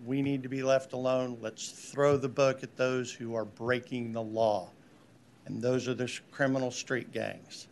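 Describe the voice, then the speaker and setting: A man's voice: medium pitch, a little hiss or hum. A man testifying at a legislative hearing, stating his opinions emphatically and repeating his key points. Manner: emphatic, repetitive, forceful opinions. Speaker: public witness testifying. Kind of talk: formal public testimony.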